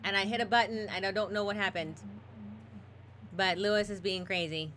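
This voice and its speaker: A woman's voice: medium pitch, fairly even intonation, moderate pace, fairly bright tone, a little hiss or hum. A woman streaming a game, reading its text aloud with casual asides.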